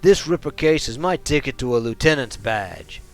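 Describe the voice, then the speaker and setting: Guy doing a loud bullying orc cop, gruff and gravelly, kinda rough voice. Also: medium pitch, sing-song, unhurried, soft background music, heavily acted. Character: brutish orc male homicide detective, rude.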